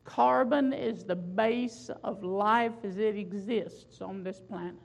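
A woman preaching a sermon, building emphasis with loud swells and slow, drawn-out phrases. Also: mid-range voice, gravelly, rough recording.

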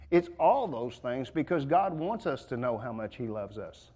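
A man's voice: medium pitch, sing-song, normal speed, hardly any pauses, warm tone. A man preaching a sermon in a church, folksy and joking in a conversational way.

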